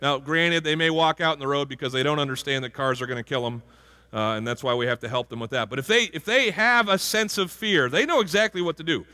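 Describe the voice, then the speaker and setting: A man's voice: on the high side, quick pace, pushed and bright. A male pastor giving a conversational sermon and asking the congregation questions. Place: church sanctuary. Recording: hall reverb from a church.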